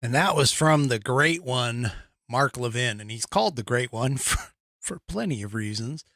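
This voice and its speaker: An American man hosting a podcast, talking in a casual, halting way with many restarts. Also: medium pitch, animated, fairly bright tone, dry recording, studio quality. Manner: halting, restarts, self-deprecating. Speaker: podcast host. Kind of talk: casual commentary.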